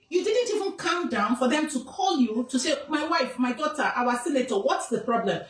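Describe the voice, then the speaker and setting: A woman from southwest Nigeria, who serves as a king's advisor, makes an emphatic, scolding statement to camera, repeating phrases for emphasis. Her voice is high-pitched, captured from a distance in an echoey room on a rough recording.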